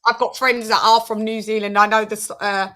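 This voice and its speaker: Bright, chatty woman host. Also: mid-range voice, level tone, a little fast. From United Kingdom. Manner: chatty, playful, laughs often, gives shout-outs to chat. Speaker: livestream boxing show host. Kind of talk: casual livestream chat.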